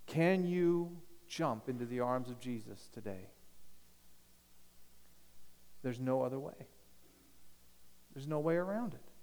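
A man preaching a sermon as pastor, emphatic, swinging from loud declarations to hushed appeals. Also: medium pitch, lively intonation, a little slow, big-room sound.

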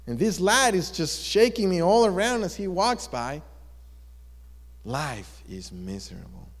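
A man's voice: mid-range voice, animated, slow. A man voicing a gloomy, self-pitying rock. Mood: complaining. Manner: whiny, mournful grumbling. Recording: long echo of a large hall.

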